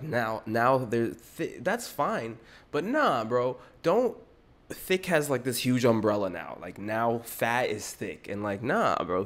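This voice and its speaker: A young man rants bluntly on his podcast, and his pitch swings up and down. He talks in quick, loose bursts full of fillers. He sounds casual and unscripted throughout. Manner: blunt, animated, fast bursts with lots of fillers. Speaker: podcast host. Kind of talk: casual opinion rant.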